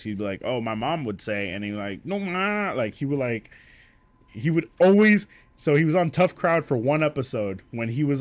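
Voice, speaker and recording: A young man with a fairly low voice talks casually late at night, rambling and swearing as he goes. He restarts sentences often and coughs between thoughts, sounding worn out. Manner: rambling, profane, frequent fillers and restarts. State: tired, coughing. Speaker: streamer. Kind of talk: casual late-night monologue about comedy.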